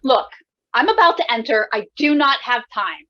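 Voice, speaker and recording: A woman's voice: on the high side, animated, moderate pace, fairly bright tone, dull audio. A woman playing a defensive, impatient stage actress who keeps forgetting her lines. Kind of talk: community theater stage play.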